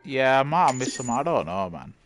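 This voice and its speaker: A man's voice: medium pitch, big pitch swings, a little fast, faint music behind. A man chatting casually to viewers during live gameplay, dropping slang and calling everyone "man". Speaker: gaming streamer. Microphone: VR headset.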